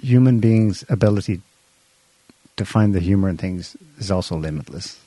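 A man's voice: low voice, normal speed, mellow, dry recording. A man hosting a casual political chat, wry and sarcastic, laughing at his own points. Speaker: podcast host.

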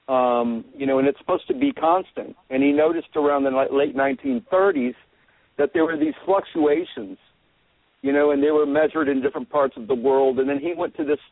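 A man's voice: mid-range voice, no room sound. Man rambling over a tinny line. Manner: rambling, halting with many fillers and restarts. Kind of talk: casual opinion monologue.

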